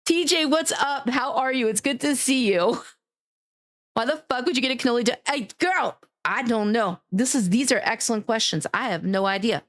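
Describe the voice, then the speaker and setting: A woman game streamer in casual live-stream chat, animated and chatty, greeting and thanking viewers by name, swearing and laughing often. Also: fairly high pitch, normal speed.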